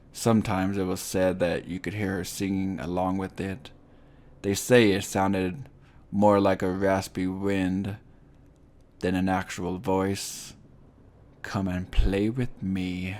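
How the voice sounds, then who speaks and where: Male narrator, very low and monotone, unhurried, somber horror storytelling. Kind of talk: scripted ghost-story narration.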